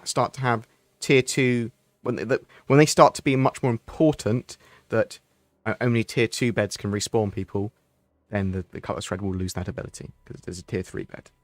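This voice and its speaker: A medium-pitched man, recorded with no echo, hosts a casual livestream Q&A. He answers chat questions in a rambling, chatty way, with frequent ums and restarts.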